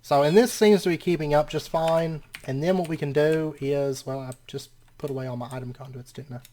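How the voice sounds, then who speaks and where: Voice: medium pitch, fairly even intonation, brisk, warm tone, slight background noise. A host giving casual gameplay commentary, often laughing and exclaiming in disbelief, rambling and correcting themself as they narrate each action. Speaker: let's play host.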